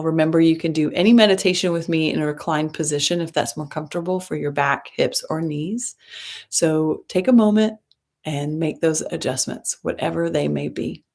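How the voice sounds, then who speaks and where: A middle-aged woman teaching a guided meditation in a slow, soft, soothing voice with long pauses. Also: lowish voice.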